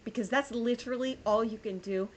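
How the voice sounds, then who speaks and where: A woman live-streaming a game, thinking aloud emotionally and warmly thanking her viewers. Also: a little high, a little fast. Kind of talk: live-streamed gameplay chat.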